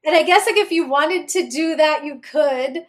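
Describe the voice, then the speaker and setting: A woman's voice: high voice, moderate pace. A woman voice student talking through her impressions in a chatty, hesitant way with filler words. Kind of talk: lesson conversation.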